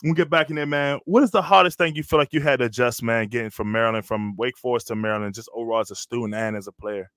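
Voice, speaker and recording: Casual sports-show host, a man with a bright, forceful voice who tells stories full of slang. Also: medium pitch, fast, few pauses, clear, resonant tone, dry recording, clean studio sound. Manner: animated storytelling, slangy, says "bro" constantly. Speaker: podcast host, former college lineman. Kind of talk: casual chat.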